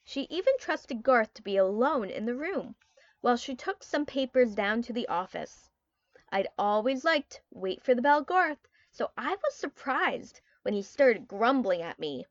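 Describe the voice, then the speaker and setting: A woman narrating a children's book in an expressive storytelling style. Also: fairly high pitch, moderate pace, dry recording, muffled recording. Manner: expressive storytelling with quoted character lines. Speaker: audiobook narrator. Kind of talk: scripted narration.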